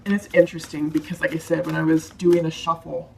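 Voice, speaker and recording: Woman, tarot reader, low gravelly voice, soft-spoken, emotional, reassuring. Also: flat delivery, quick pace, slight background noise. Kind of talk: tarot card reading to camera.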